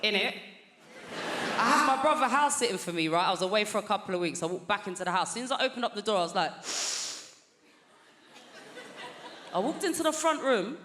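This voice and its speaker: A British man performing a stand-up comedy set, telling an animated story in chatty slang and often jumping into squeaky high voices. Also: moderate pace, pauses often, slight background noise. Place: large theatre stage. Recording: loud crowd laughter, long theatre reverb.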